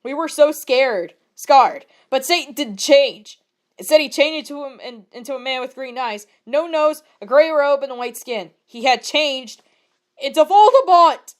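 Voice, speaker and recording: High-voiced young woman reading aloud. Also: animated, unhurried. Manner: giggly, exasperated asides, stumbles over words. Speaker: online reader of bad fanfiction. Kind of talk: comedic dramatic reading.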